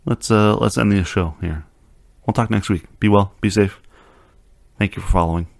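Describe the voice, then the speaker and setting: A man's voice: on the low side, moderate pace, gravelly. A man hosting a podcast, chatting in a rambling, easygoing way with casual swearing. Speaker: podcast host. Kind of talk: casual podcast chat and outro. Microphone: studio mic with headphones.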